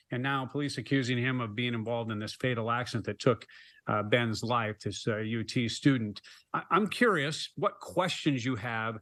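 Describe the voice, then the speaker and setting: A man's voice: mid-range voice, a bit bright, dry recording. A man hosting a local TV news panel show, plain and moderating between guests. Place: TV studio.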